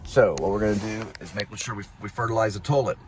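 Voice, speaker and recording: A man's voice: fairly low pitch, quick pace. A man chatting casually and rambling while driving, joking and repeating phrases. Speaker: vlogger, delivery driver. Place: inside a vehicle while driving. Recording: loud vehicle road noise.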